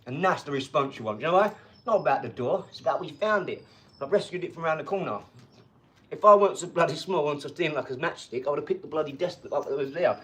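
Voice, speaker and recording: A man hosting a casual live stream from his home garage, talking in an energetic, rambling, chatty way. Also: fairly high pitch, fast. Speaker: livestream host.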